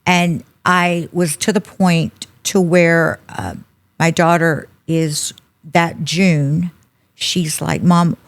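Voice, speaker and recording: A middle-aged woman with a drawl and a somewhat low voice tells her story in an interview. She speaks in an animated way and slips into the voices of the people she quotes. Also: drawn-out words. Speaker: podcast guest.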